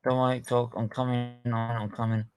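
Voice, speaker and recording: Host with a London accent, chatty and profane, tells stories with lots of laughter. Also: male voice, medium pitch, fairly quick, clean tone, soft background music. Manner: laughing, swearing, animated storytelling. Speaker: stream host. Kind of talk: casual live watchalong chat.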